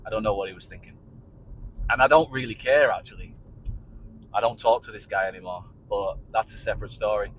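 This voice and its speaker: Bright-voiced man casually telling a story. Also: fairly low pitch, fairly quick, slight background noise, rough recording. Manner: loose and chatty, with frequent restarts and swearing. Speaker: vlogger telling his own story.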